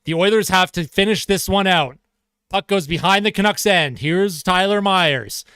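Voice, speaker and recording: A man calling a hockey game live from his own setup, eager and ready to erupt on a big play. His voice sits high and sounds bright and crisp. The sound is close and dry. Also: normal speed, dry recording. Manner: excitable, shouts on goals, laughs at himself. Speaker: fan play-by-play commentator.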